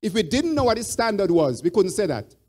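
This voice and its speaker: A man's voice: high voice, very animated, fairly quick, darkish tone. A church elder teaching a Bible study. He repeats his points and prompts the group with fill-in "what?" questions.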